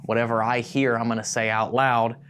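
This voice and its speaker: A man's voice: mid-range voice, flat delivery, brisk, fairly bright tone, slight background noise. Man hosting a ghost hunt. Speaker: paranormal investigator host. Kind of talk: ghost-hunting vlog narration and calling out. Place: inside an old house at night.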